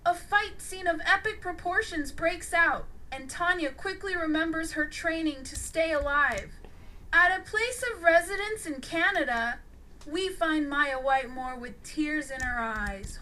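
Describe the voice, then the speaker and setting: Slow, bright, sing-song woman narrator. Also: sits high, slight background noise, rough recording. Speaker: audiobook narrator. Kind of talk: storybook read-aloud narration.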